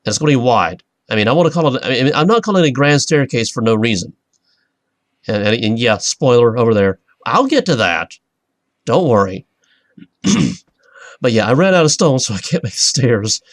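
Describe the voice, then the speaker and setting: A man hosting a let's play, giving rambling, excitable gameplay commentary. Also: mid-range voice, normal speed, no room sound. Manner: rambling, excitable, self-interrupting.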